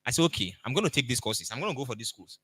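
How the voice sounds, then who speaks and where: A man's voice: mid-range voice, big pitch swings, very fast, pushed and bright, breathy edge, dry recording. A middle-aged man with a Nigerian accent, giving a motivational coaching talk and acting out the people in his stories. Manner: storytelling, emphatic, acts out dialogue.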